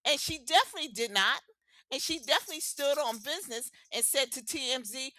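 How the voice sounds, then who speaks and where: A woman's voice: high voice, animated, fairly quick, bright, forceful tone, no echo. A woman co-hosting a podcast, talking in a blunt, emphatic way and swearing freely. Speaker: podcast co-host. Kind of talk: casual opinionated chat.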